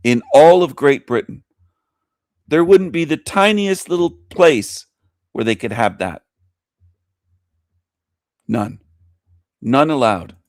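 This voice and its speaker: A man's voice: fairly high pitch, expressive, takes it slowly, long pauses, darkish tone, no echo, clean studio sound. A man hosting a talk show, ranting bluntly and scornfully with lots of profanity and repetition. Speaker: show host. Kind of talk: ranting commentary over clips.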